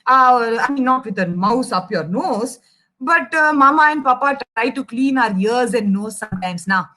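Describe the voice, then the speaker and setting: An Indian woman in her young adult years tells a children's story with a high, bright voice that swoops up and down. She takes her time, chatting directly with the young listeners as she goes. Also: normal speed. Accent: Indian English. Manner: animated, addresses kids directly.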